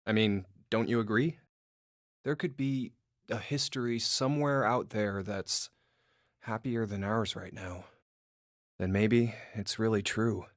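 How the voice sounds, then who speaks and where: A man's voice: lowish voice, steady tone, a little slow, no echo, clean studio sound, lightly acted. An actor voicing a young man in a game who talks in a hesitant, reflective way. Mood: gloomy. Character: young man in a game, gloomy then relieved.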